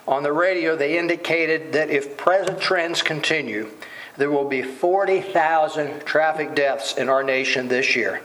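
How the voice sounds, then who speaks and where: A man's voice: a little high, fairly bright tone, slight background noise, low-quality recording. A man preaching a sermon, asking rhetorical questions and voicing quoted lines dramatically.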